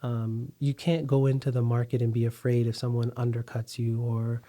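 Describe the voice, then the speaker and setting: A man's voice: mid-range voice, level tone, normal speed, dark tone. A man, founder of a food company, talking as a guest in a conversational interview, telling his story steadily with some fillers.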